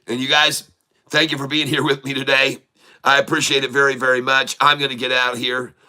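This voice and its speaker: Very bright-voiced man chatting on a livestream. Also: medium pitch, flat delivery, a little fast, clear, resonant tone. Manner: rambling, laughs often, repeats words. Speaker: livestream day trader. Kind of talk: casual livestream chat and joke-telling.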